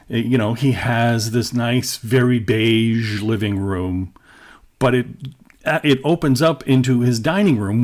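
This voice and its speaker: A man teaching radio production in a casual, plainspoken lecture, explaining his methods with everyday examples. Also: mid-range voice.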